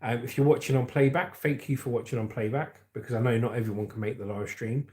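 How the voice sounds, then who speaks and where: A man's voice: medium pitch, fairly even intonation, quick pace, a little mellow. A middle-aged man, hosting a casual livestream and chatting loosely while reading out viewer comments. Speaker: livestream host.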